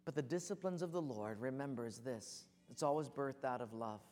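A man preaching a sermon with passion, building to near shouts as he tells stories. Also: mid-range voice, a little fast, long reverb tail, slight background noise. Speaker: pastor.

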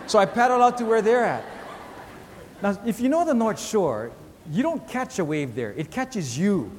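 A man with a high voice preaches a storytelling sermon, lively and poking fun at himself. His voice rings out through the long reverb of a big church hall. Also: normal speed, slight background noise. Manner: animated storyteller with self-mocking humor. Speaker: pastor.

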